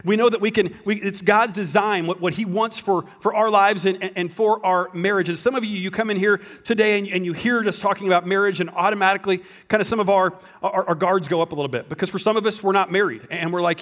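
Pastor with a somewhat high voice. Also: male voice, quick pace, fairly bright tone. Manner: storytelling, joking, many restarts. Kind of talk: sermon.

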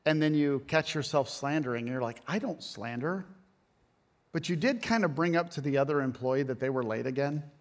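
A man in his thirties preaching a sermon, loud and animated, telling stories with self-mocking humor. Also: medium pitch, brisk, hardly any pauses. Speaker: pastor. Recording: long hall reverb.

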